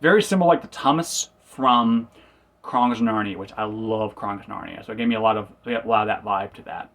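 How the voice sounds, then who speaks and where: A man's voice: on the low side, quick pace, fairly bright tone. A man casually recapping and reviewing a TV episode, rambling and correcting himself as he goes. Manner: rambling, self-correcting, acts out quotes.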